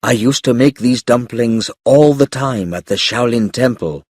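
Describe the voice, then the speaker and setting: A man voicing an elderly Chinese kung fu priest with a Chinese accent, speaking slowly, quietly and in a measured way. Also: mid-range voice, no echo, studio quality, natural voice. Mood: calm, instructive.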